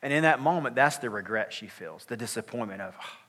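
A man's voice: mid-range voice, animated, a little fast, fairly bright tone, long reverb tail. A male pastor giving a sermon in an earnest, conversational way, with casual filler words.

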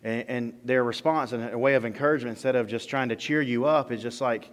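A man preaching a sermon in a relaxed, conversational way, acting out bits of everyday dialogue. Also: mid-range voice, quick pace, few pauses. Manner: conversational, with playful mock quotes of dialogue. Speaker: pastor. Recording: long reverb of a large hall.

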